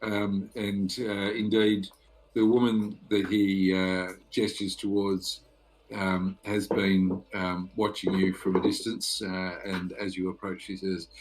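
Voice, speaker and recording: Slow-talking male game master. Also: low-pitched, flat delivery, soft background music. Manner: halting, many fillers and pauses. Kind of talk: narrating a tabletop game.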